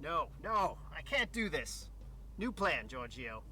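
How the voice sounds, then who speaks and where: A man's voice: on the high side, very animated, slow pace, pushed and bright, slight background noise, heavily acted. An actor playing a guilty male priest in a game cutscene who talks in a folksy, wry, self-justifying way.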